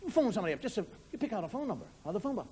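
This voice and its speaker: His voice sits high, sing-song and a little mellow, slightly rough, and he races through the story. The middle-aged Irish comedian is giving a wry stand-up monologue, acting out voices, on a 1990 TV broadcast where audience noise and laughter fill the background.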